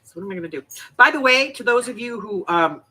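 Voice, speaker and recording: Woman, middle-aged, craft stream host, lively storytelling, bright and slightly husky. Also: on the high side, fast talker, rough recording. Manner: animated storyteller, laughs often. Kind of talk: casual chat while crafting. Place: home craft desk, indoors.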